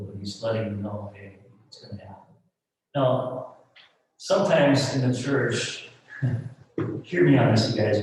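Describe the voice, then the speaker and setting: A middle-aged male pastor preaching a sermon in a church, talking frankly and conversationally, dropping to soft asides and rising to loud emphatic peaks. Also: mid-range voice. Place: church sanctuary. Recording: roomy echo, mic at a distance.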